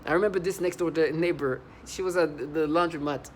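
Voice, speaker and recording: A man's voice: a little high, steady tone, a little fast, a little hiss or hum. A man ranting in a heated, rambling monologue, full of restarts and broken-off phrases. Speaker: vlogger. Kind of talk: agitated monologue to camera.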